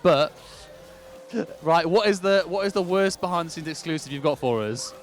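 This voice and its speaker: A man's voice: a little high, normal speed. A male vlog presenter asking chatty, upbeat questions in a casual backstage interview outside a venue.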